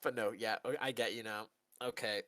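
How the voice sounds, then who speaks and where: A game master narrating a tabletop game, describing scenes in a relaxed, joking way. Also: mid-range voice, normal speed.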